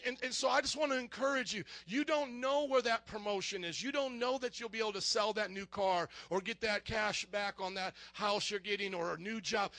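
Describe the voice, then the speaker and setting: Guy giving an emotional church testimony, high gravelly voice, goes loud then quiet, dry sound. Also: no room sound. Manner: excitable, emotional, swings between shouting and hushed. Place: church sanctuary.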